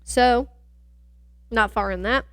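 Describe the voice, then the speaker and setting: A woman's voice: a little high, takes it slowly, fairly bright tone, no echo, clean studio sound. A young woman co-hosting a podcast, chatting casually and rambling, laughing often. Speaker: podcast co-host. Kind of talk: casual chat.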